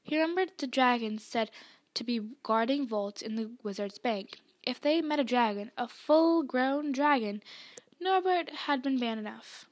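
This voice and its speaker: A woman hosting a podcast and narrating a book chapter in an expressive storytelling manner. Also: fairly high pitch, normal speed. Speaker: podcast reader. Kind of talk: audiobook narration.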